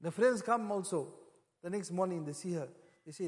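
A man's voice: sits high, animated, brisk. A man preaching a sermon, acting out quoted voices and rising to emphatic peaks. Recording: long hall reverb.

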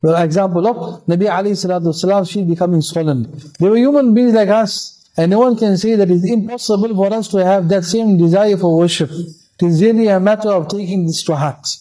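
Male mufti, sermon delivery, high-pitched voice, fervent and repetitive. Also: fairly quick, mellow, rough recording. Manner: impassioned, repetitive exhortation. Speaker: mufti preaching.

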